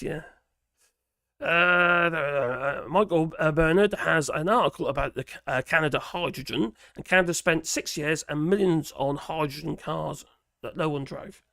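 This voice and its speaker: A man's voice: fairly high pitch, vocal fry, a bit bright, no room sound, studio quality. A man with a Norfolk accent, rambling bluntly through a casual live stream, his voice slightly strained. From England. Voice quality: slightly strained, mucus-prone throat. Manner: rambling, blunt, chatty with frequent restarts and slang.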